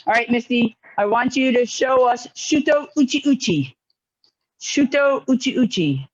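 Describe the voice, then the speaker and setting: A man teaching a karate class online, giving brisk, encouraging commands. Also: extremely high pitch, animated. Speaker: karate instructor. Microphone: video call. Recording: lo-fi video call audio.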